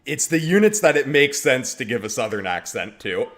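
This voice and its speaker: A man's voice: medium pitch, very animated, moderate pace, fairly bright tone. A young man chatting casually while streaming a game, rambling and trailing off with fillers.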